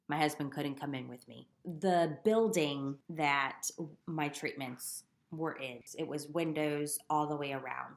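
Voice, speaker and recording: Low-voiced woman telling her story, echoey. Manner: candid, self-deprecating humor. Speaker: guest sharing her story. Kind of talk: personal storytelling podcast.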